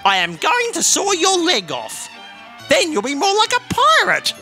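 A man voicing a loud, annoying, screeching parrot who is a pompous hospital surgeon. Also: extremely high pitch, huge pitch swings, unhurried, faint music behind, pitched above the performer's own voice, heavily acted.

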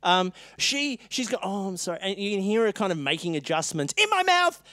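A podcast co-host telling a story in casual chat, animated, laughing often and swearing freely. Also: mid-range voice, normal speed, no room sound.

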